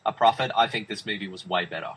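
A man's voice: lowish voice, fast, fairly bright tone, husky, poor audio. A man talking films in a casual review chat, enthusiastic and emphatic, often restarting his sentences. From Australia. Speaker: film review podcast host.

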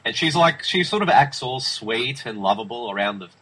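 A man's voice: medium pitch, expressive, normal speed, a bit bright, breathy edge, rough recording. A man talking films in a casual review chat, enthusiastic and emphatic, often restarting his sentences. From Australia. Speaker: film review podcast host.

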